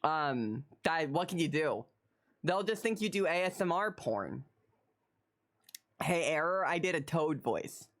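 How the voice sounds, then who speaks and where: A woman's voice: deep voice, lively intonation, measured pace. Wry, repetitive woman streamer. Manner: repeats herself, wry and self-mocking. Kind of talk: casual live-stream chat.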